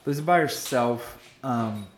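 A man's voice: mid-range voice, takes it slowly, a little hiss or hum. A man co-hosting a casual talk show, telling a rambling story and laughing often. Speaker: podcast co-host. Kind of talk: casual banter. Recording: roomy echo.

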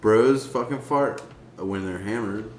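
A young man chiming into a podcast chat in a relaxed, slangy way, swearing freely. His voice is fairly low, and the room around him has an echo. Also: slow. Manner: laid-back, slangy, swears. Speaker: podcast co-host. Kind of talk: casual banter. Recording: roomy echo.

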